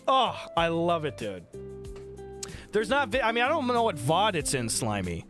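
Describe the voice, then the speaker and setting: A young man streaming from home into a desk microphone, telling a story in a casual, animated way, swearing often and acting out what others said. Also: on the high side, normal speed, soft background music.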